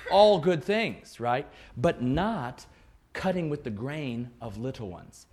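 A man, a music educator, giving a lively, joking conference presentation and acting out quoted voices. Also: mid-range voice, slow.

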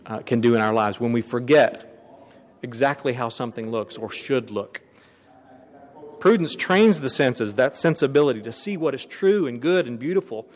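Man lecturing in a reverberant hall. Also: a little high. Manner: earnest, reads quotations aloud, occasional restarts. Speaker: speaker on Christian education.

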